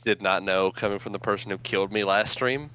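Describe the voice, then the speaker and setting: Young male gaming buddy, lowish voice with a sharp bright tone, quick with jokes and complaints. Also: steady tone, lo-fi sound, slight background noise. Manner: wisecracking and complaining. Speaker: co-op gaming partner. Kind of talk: casual gameplay chat.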